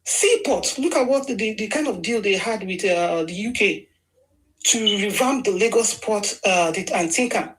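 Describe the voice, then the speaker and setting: Nigerian-accented woman, mid-pitched, opinionated political commentator, emphatic and repetitive. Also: expressive, unhurried, a little hiss or hum, poor audio. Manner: emphatic, argumentative, repeats phrases for stress.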